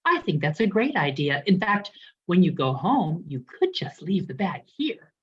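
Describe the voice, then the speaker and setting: A woman voicing a gentle, calm old wise man in a spoken story. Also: fairly low pitch, unhurried, dull audio. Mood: kindly.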